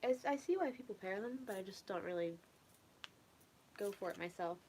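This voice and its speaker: A young woman talks softly and casually, rambling a little and often dropping into a near whisper. Her voice sits at an ordinary pitch for a woman. A faint hiss of background noise stays under her voice. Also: lively intonation, normal speed. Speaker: ASMR streamer chatting with viewers. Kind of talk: casual soft-spoken chat.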